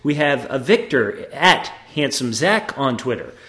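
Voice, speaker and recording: A man's voice: mid-range voice, big pitch swings, a little slow, fairly bright tone. A man co-hosting a casual comedy podcast, joking around as he reads out listener reviews. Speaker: podcast co-host. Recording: roomy echo.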